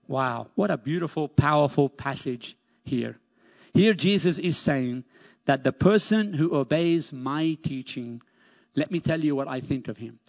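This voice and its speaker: A man's voice: on the high side, animated, measured pace, gravelly. A man preaching a sermon as pastor, emphatic, repeating key phrases and lifting his voice on scripture. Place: church sanctuary. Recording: long church reverb.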